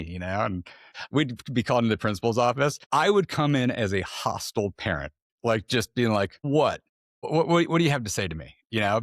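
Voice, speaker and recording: A man's voice: medium pitch, a bit bright, dry recording, clean studio sound. A middle-aged man, a guest on a podcast, telling personal stories in a blunt, candid way, swearing freely and acting out what people said. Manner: blunt, profane, acts out quoted voices. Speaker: guest, entrepreneur. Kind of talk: candid conversational storytelling.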